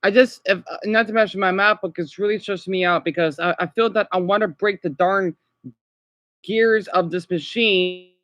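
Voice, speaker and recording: A man with a high, bright, sharp-edged voice rambles through an unscripted livestream from home. He is upset and worn out, stops and restarts often, and keeps asking "okay?". The sound is close and dry, with no room echo. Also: fairly even intonation, highs cut off. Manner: halting, repeats himself, frequent "okay?" tags. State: upset and exhausted. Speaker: vlogger livestreaming.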